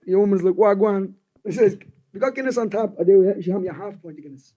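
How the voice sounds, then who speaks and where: Fast-talking Dublin man telling stories. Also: high voice, expressive, warm tone, lo-fi sound. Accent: Dublin Irish. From Dublin, Ireland. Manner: rambling storyteller who swears freely. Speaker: guest singer-songwriter. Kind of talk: casual podcast chat.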